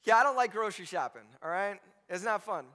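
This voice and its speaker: A man's voice: high-pitched, lively intonation, fast, pushed and bright. A male pastor preaching to his congregation in a conversational, joking style, often checking in with "right?". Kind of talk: sermon. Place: church sanctuary with a congregation. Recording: long reverb from a large hall.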